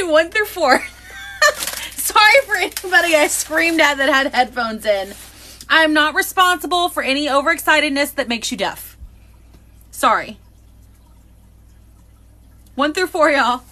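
A woman hosting a live unboxing, chatting excitedly and greeting viewers by name. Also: high voice, a little slow, pauses often. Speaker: live-stream host.

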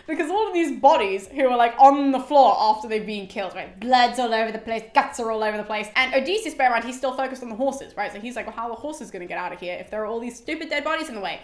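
A woman hosting an educational series, retelling an ancient epic in a chatty, animated way, full of "like" and quick asides. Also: a little high. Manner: chatty and animated, heavy use of "like", frequent laughter. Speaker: host of an educational classics series. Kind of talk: casual explanatory retelling. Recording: roomy echo.

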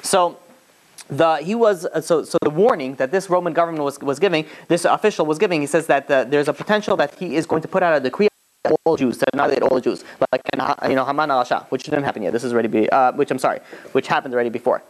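A man's voice: a little high, fast. A man, a rabbi, retelling a rabbinic story as a class in a loose, chatty way with frequent restarts and asides. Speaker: rabbi teaching.

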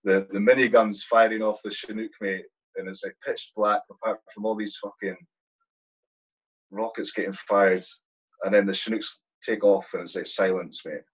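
A low, husky male voice, a soldier in his thirties recounting combat with blunt, salty language. He talks casually, like he's with a mate. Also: fairly even intonation, moderate pace, poor audio. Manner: blunt, swears freely, vivid war anecdotes. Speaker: guest, army platoon sergeant. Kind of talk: casual storytelling.

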